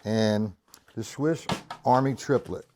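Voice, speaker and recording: A man's voice: lowish voice, slow pace, background noise. A middle-aged man teaching drum rudiments on a live stream, counting beats aloud and chatting casually with viewers. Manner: counts beats aloud over his own drumming, chatty asides to viewers. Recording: loud drum kit playing alongside the voice.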